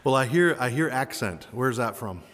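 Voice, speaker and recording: A man's voice: mid-range voice, lively intonation, moderate pace, a bit bright, slight background noise. Friendly male podcast host in echoey room. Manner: friendly, eager, lots of affirming interjections. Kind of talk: casual interview chat. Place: indoors at a summer camp. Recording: roomy echo with long reverb.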